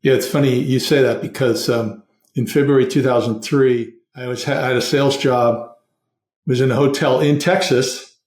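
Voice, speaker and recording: A man's voice: medium pitch, fairly even intonation, normal speed, darkish tone. Earnest middle-aged man in an echoey room. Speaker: podcast guest, hiring consultant. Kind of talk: conversational interview.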